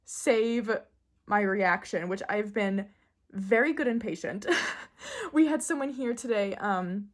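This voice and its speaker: A woman in casual, excitable chat, gushing and giggling as she shows off a new deck. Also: mid-range voice. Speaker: tarot deck reviewer.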